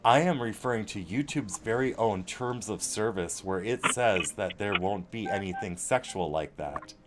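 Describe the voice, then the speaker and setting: A man's voice: fairly low pitch, lively intonation, normal speed, very noisy. A man hosting a casual live-stream chat, ranting bluntly with swearing. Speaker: show host.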